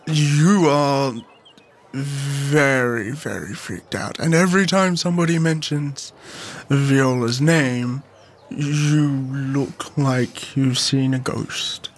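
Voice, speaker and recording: A man's voice: mid-range voice, slow pace, pitched below the performer's own voice. A man voicing a burly male adventurer in a tabletop game, firm and questioning. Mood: pressing.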